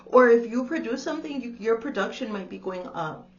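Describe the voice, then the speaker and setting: A woman's voice: on the high side, animated, brisk, muffled recording, slight background noise. A woman giving a casual spiritual tarot reading to the camera. She talks in a chatty, exclaiming way and calls the listener darling. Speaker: tarot reader.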